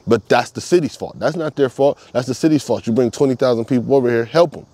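Dude vlogging, swears nonstop, says stuff twice for emphasis, normal pitch. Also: male voice, fast, dark tone, no room sound. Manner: profane, emphatic, repeats himself. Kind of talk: casual monologue.

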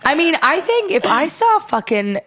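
A young woman co-hosting a chatty podcast, her voice pitched a touch high. She tells stories with animated energy, jumping into the voices of the people she talks about. Quick and lively throughout. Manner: animated storytelling, acts out voices in quotes. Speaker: podcast co-host. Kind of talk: casual chat.

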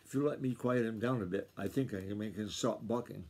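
A man's voice: lowish voice, brisk, a little mellow. A man reading aloud and voicing an earnest, polite farm boy.

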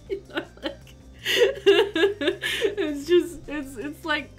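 A woman's voice: sits high, lively intonation, very slow, pauses often, faint music behind. Chatty, giggly young woman streamer. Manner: chatty and giggly, many fillers like "like" and "um", reads chat aloud. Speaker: game streamer and new mother. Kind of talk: casual livestream chat.

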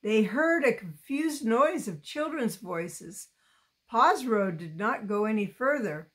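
A woman reading a children's novel aloud chapter by chapter, slow and careful with expressive touches. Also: a little high. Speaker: storybook reader.

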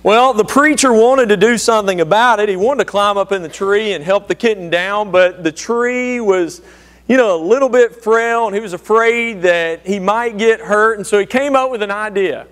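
A man's voice: sits high, normal speed, fairly bright tone, clear, resonant tone. A man preaching a sermon, telling a folksy joke story and calling out questions to the congregation. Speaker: pastor.

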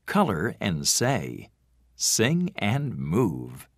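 A man reading out textbook track announcements in a slow, measured, deliberate way. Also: on the low side, wildly swooping pitch. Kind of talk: scripted textbook audio announcements.

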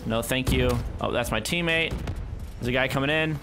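A young man giving live gameplay commentary, muttering one moment and yelling in frustration the next, with game gunfire and music underneath. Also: mid-range voice, moderate pace. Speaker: gaming YouTuber. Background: game gunfire and instrumental music.

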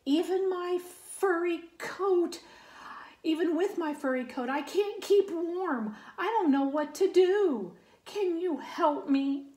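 A woman's voice: very high-pitched, animated, takes it slowly, darkish tone, reverberant, pitched above the performer's own voice, heavily acted. A woman voicing a lonely male polar bear who is pleading for help in a picture-book read-aloud. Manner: pleading, wistful.

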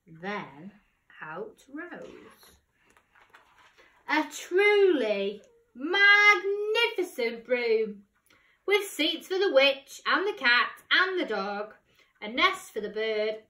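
Slow, expressive woman reading a storybook. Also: medium pitch. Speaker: teacher reading aloud. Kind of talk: reading a children's picture book aloud. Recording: echoey room, voice off-mic.

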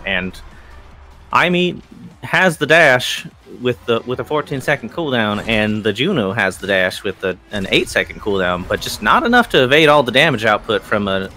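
A man with a lowish voice and a bright, forceful tone works as an esports co-caster, giving color commentary on a live tournament. His commentary is analytical yet chatty, dotted with laughs and restarts.

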